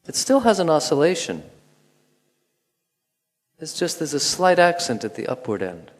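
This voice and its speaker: Man guiding a movement class, lively pitch. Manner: calm, instructive, with pauses and spoken counting. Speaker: movement teacher. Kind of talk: guided movement lesson. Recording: long hall reverb.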